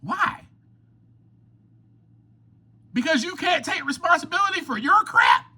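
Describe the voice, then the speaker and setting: A man hosting a recovery podcast, delivering an impassioned, preachy monologue that rises to near-shouts. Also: very high-pitched, expressive, a little slow. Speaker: podcast host.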